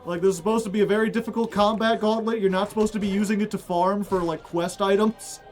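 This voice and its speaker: A man's voice: high-pitched, steady tone, fast, a little mellow, soft background music. A man streaming a game in casual commentary, joking and bantering at the characters on screen.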